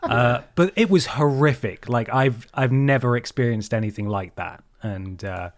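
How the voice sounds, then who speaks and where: A man telling a story on a podcast, animated and quick to swear. His voice sits mid-range and sounds dry and close, with no room around it. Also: medium pitch, no room sound. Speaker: podcast host. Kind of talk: casual chat, storytelling.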